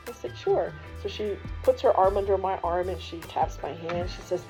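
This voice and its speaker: A woman who went from coach to religious sister tells students a comic story in a mid-range voice, talking a little fast with hardly any pauses. She laughs along and acts out others' lines with lively humor, over dull, muffled audio and faint music.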